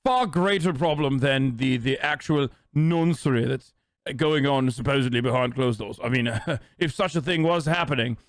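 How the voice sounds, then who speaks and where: A man's voice: medium pitch, normal speed, dry recording, studio quality, lightly acted. A man voicing a pompous, evasive posh British Tory politician who rambles and hesitates.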